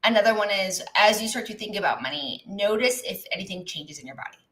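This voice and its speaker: A woman's voice: mid-range voice, lively intonation, fast, a bit bright. A woman business coach giving a live-streamed talk, speaking conversationally and checking in with listeners as she goes. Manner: reads and answers viewer chat aloud.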